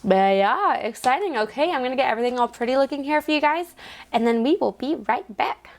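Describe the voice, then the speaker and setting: A young woman with a slightly high voice talks casually to her phone camera at home. She rambles with plenty of "like" fillers and counts bills out loud. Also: expressive, brisk. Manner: chatty, lots of "like" fillers, counts cash aloud. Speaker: vlogger.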